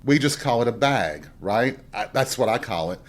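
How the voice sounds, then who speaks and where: A man's voice: mid-range voice, animated, moderate pace. A middle-aged man from Tennessee with a Southern accent, hosting a casual solo podcast and telling folksy stories with chuckling asides. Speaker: podcast host.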